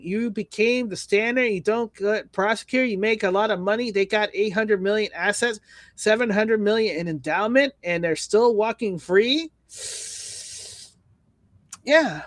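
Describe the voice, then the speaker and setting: A man's voice: sits high, fairly bright tone, no room sound. A man hosting a livestream, reading viewer comments and news aloud with sarcastic jokes. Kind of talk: casual news roast chat.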